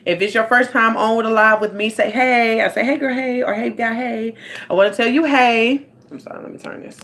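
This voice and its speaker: A woman's voice: fairly high pitch, fairly even intonation, fairly quick, fairly bright tone. A woman, a life coach hosting a casual livestream from home on her phone. She rambles and talks straight to her viewers.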